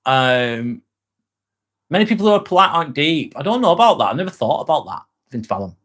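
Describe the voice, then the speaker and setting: A man's voice: a little high, sing-song, brisk, fairly bright tone. A man hosting a casual live stream, reading viewers' comments aloud and answering them with frequent swearing. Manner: chatty, swears freely, answers viewers by name.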